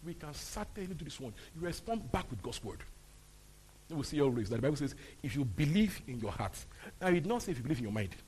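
A man's voice: medium pitch, sing-song, fast talker, darkish tone, slightly rough. A man with a Nigerian accent preaching a sermon, pressing his point with repeated phrases and rhetorical questions to the congregation. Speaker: pastor. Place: church service.

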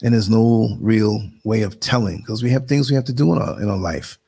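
Gravelly New York man hosting a live stream. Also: fairly low pitch, fairly quick, mellow. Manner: conversational, muttering asides while working the computer. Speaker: live show host. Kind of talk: casual live-stream talk. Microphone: computer streaming setup.

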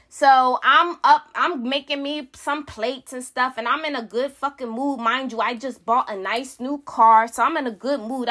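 A woman with a high, bright voice tells a story straight to camera in a casual rant. She is blunt and heated, swearing freely as she relives it. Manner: profane, heated, blunt retelling. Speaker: vlogger.

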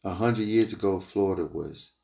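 A man giving a rambling opinion monologue, emphatic and repetitive, wandering off on tangents and climbing high in pitch when he gets heated. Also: moderate pace, creaky, warm tone. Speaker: entrepreneur vlogger. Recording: roomy echo.

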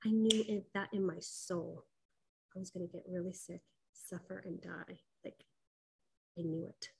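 A woman's voice: fairly low pitch, fairly even intonation, unhurried, vocal fry, dark tone, slightly rough, rough recording. A middle-aged woman telling a personal spiritual story, candid and emphatic, with fillers and quoted dialogue.

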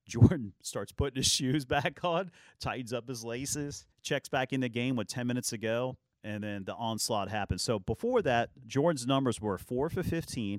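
A man hosting a sports talk show, telling lively basketball anecdotes and acting out what players said. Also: medium pitch, dry recording. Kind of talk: casual sports storytelling.

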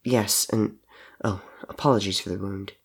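A man's voice: fairly even intonation, normal speed, gravelly, husky. A man voicing a large cowardly man who whines and screeches in a raised, panicky voice. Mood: confessing. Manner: whiny, high and panicky.

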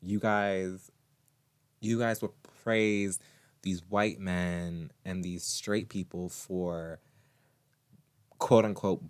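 A man hosts a solo podcast in a deep voice at a slow, easy pace. He talks casually and familiarly, laughing as he goes and calling his listener "girl." The sound is dry and close. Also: no echo. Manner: chatty, addresses listener as "girl", laughs often. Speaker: podcast host.

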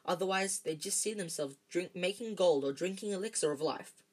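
A woman's voice: lowish voice, moderate pace, breathy edge. A woman reading a dreamy old wizard headmaster. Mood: whimsical. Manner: gentle, musing, wry. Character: elderly male headmaster wizard, whimsical and dreamy.

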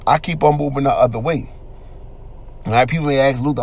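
Earnest, gravelly-voiced man preaching casually. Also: mid-range voice, fairly even intonation, fairly quick. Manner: earnest and conversational, with slang and repetition. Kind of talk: informal sermon.

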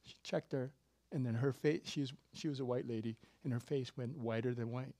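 A man preaching a sermon, telling a personal story casually with sudden loud, emphatic bursts. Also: medium pitch, steady tone, a little fast, dry recording. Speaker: pastor.

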